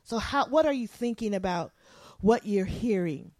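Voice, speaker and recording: A woman pastor preaching a sermon, animated, acting out quotes and asking the congregation to respond. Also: medium pitch, normal speed, no echo, clean studio sound.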